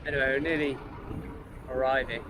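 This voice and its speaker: A man vlogging casually as he rides a bicycle along a country highway, rambling and chuckling as he talks to viewers over wind and road noise. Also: steady tone, brisk. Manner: rambling, chatty asides to viewers, chuckles often. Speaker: touring cyclist vlogger. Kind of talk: casual vlog narration while cycling.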